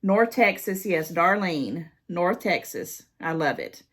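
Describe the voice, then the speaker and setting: A woman's voice: lowish voice, lively intonation, slow pace, a bit bright. A middle-aged American woman chatting casually as she reads fan mail aloud, gushing and emotional, often repeating her words. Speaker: haul vlogger.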